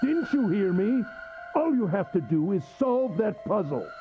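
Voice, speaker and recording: An actor playing a sadistic, mocking male captor who speaks with gentlemanly politeness in a video game. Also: high voice, big pitch swings, a little slow, narrow, tinny audio, music in the background. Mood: taunting. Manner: polite, taunting, cackling.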